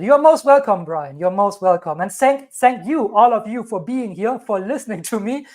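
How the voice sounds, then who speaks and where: A woman's voice: medium pitch, expressive, normal speed, few pauses, a little mellow. A woman with a thick German accent, hosting a live crypto stream, emphatic and reassuring, repeating her points and reading news aloud. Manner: reads news items aloud. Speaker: crypto channel host.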